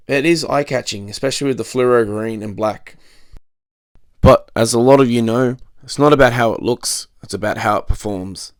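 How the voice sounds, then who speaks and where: A man reviews a cleaning machine with dry, cheeky humor, landing innuendo jokes in a matter-of-fact tone. His voice sits at an ordinary middle pitch. The recording is close and dry, with little room sound. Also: no echo. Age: adult, married. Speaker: product reviewer. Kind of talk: comedic product review.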